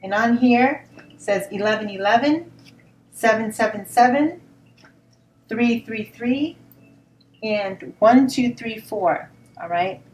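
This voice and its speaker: A woman giving a spoken tarot reading in a gentle, reassuring tone, often repeating words and asking "all right?". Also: on the high side, slow pace, long pauses. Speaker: tarot reader. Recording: roomy sound from a distance, faint noise.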